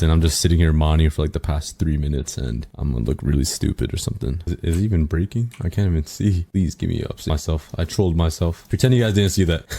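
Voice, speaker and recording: A young man commentating his Minecraft run, excitable and self-mocking, jumping to sudden panicked shrieks. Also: deep voice. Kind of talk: casual gameplay commentary.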